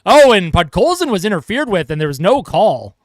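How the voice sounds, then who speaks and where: A man calling hockey play-by-play as a fan livestreamer, excitable and chatty with his viewers. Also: high-pitched, brisk, no echo, clean studio sound. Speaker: fan commentator livestreaming a game. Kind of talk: casual play-by-play commentary.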